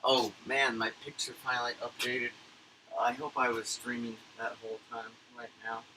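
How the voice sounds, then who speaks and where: A man's voice: medium pitch, little pitch movement, normal speed, noisy background. A man rambling through a casual, profanity-laced monologue as a livestreamer at home at his computer. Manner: rambling, profane, filler-heavy. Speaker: livestreamer recapping a conference.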